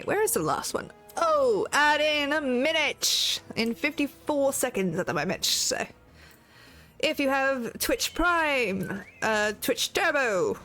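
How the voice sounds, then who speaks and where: A woman's voice: sits high, fairly bright tone. A woman streaming a game, chatting casually as she plays. She laughs often and swears freely. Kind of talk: casual gameplay commentary.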